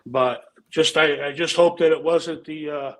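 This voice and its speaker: A man's voice: fairly high pitch, fairly even intonation, measured pace, fairly bright tone, low-quality recording. A man telling profane, rambling stories in a casual chat, a former pro wrestler and regular on the show. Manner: profane, rambling, laid-back storytelling.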